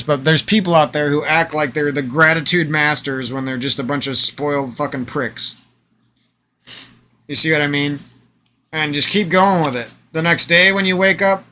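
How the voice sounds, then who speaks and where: A man in a rambling, profane vlog monologue, with repeated phrases and a slightly hoarse voice. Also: fairly high pitch, sharp tone, slight background noise. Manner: profane, emphatic, repetitive, rambling. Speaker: vlogger. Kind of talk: unscripted ranting vlog monologue.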